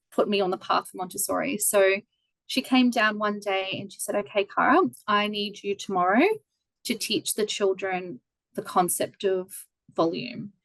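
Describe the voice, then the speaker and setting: Casting: Australian woman in her thirties, animated storyteller, video call guest, dry close sound. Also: medium pitch, no echo, poor audio. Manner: lively, animated storyteller who acts out quoted voices. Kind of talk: casual storytelling interview.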